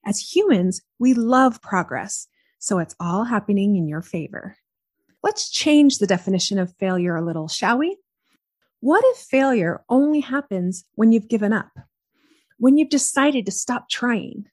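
A woman's voice: mid-range voice, sing-song, unhurried, darkish tone, no room sound, clean studio sound. A woman hosting a solo motivational podcast, talking to her listeners in an encouraging way and asking them many questions. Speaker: podcast host.

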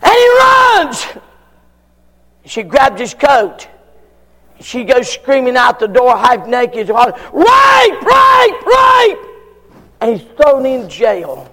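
A preacher with a very high, gravelly voice. He preaches in a folksy way and climbs again and again to shouted peaks. The voice rings with the long reverb of a large hall. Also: very animated, takes it slowly, pauses often, a faint crowd. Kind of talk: sermon.

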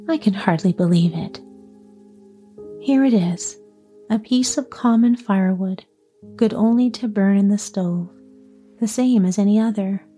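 A woman's voice: medium pitch, mellow, lightly acted. A woman voicing an old male carpenter who mumbles to himself and trembles and stutters when frightened.

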